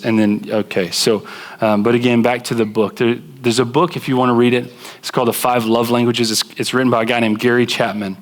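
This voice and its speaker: A young man preaching a conversational sermon to a church congregation, acting out quoted spouses in animated bursts. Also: medium pitch, fast talker. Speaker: pastor. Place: church sanctuary with live congregation.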